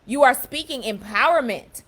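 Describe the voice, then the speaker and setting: Young woman, fairly high voice, casual motivational talk, emphatic, warm, repeats phrases. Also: lively intonation, moderate pace. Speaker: self-empowerment speaker.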